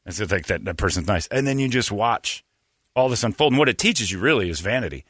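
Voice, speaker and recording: Male podcast host, bright animated delivery, dry close sound, slips into mocking voices. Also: fairly low pitch, quick pace, breathy edge, no echo. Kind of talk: casual chat.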